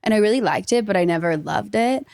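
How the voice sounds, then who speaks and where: A woman's voice: mid-range voice, lively intonation, quick pace, gravelly, darkish tone, dry recording. Young Minnesotan woman, dry close sound. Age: young adult. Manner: laughs often, many "like" fillers. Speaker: podcast guest. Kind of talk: casual interview chat.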